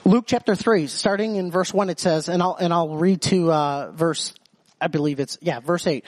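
A man's voice: on the high side, normal speed, dry recording. A man preaching a sermon, restarting phrases often and quoting scripture with emphasis. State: slight cough.

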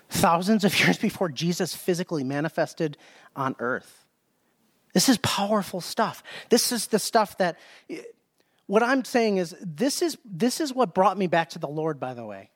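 A man preaching a sermon, emphatic and repeating phrases as he reads scripture aloud. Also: high voice.

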